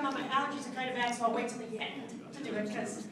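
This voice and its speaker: A woman voice actress fields fan questions in a high, chatty voice, laughing and joking at her own expense. She is heard from a distance in an echoey convention hall with a crowd behind. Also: very animated, fast talker. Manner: chatty, laughs often, self-mocking. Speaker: voice actress, panel guest. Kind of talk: casual convention Q&A.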